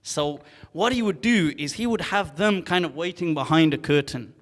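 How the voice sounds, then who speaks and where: A man giving a lively storytelling lecture at an event, speaking casually and acting out the dialogue. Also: fairly high pitch, moderate pace. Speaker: Islamic scholar speaking at an event. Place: large hall at a live event. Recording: long hall reverb.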